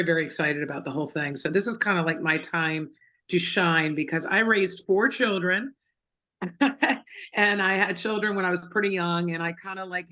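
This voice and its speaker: A woman's voice: on the low side, bright, forceful tone, dull audio. A middle-aged woman singer-songwriter, chatting as an interview guest, telling stories with lots of fillers. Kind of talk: casual interview chat.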